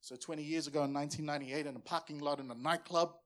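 A man's voice: on the high side, steady tone, racing. A man in his forties from Samoa, a pastor preaching a sermon in an earnest, passionate way and often repeating words as he presses a point.

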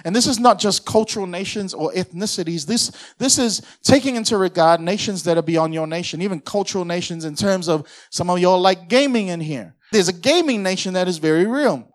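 High-pitched man preaching, energetic, leading call-and-response with the congregation. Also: fairly quick, hardly any pauses. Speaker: pastor. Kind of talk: sermon.

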